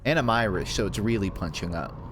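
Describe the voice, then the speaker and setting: A man's voice: lowish voice, animated, brisk, noisy background. A man chatting casually on a gaming livestream, rambling and joking self-deprecatingly with chat. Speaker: streamer.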